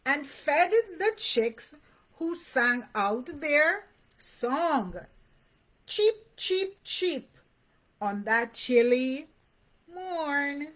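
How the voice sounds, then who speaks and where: A woman's voice: sits high, fairly bright tone. A woman reading a picture book aloud to young children, sing-songing the rhymes and stopping to ask the little listener questions. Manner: sing-song reading of rhymes and sound words; addresses parents directly with encouragement.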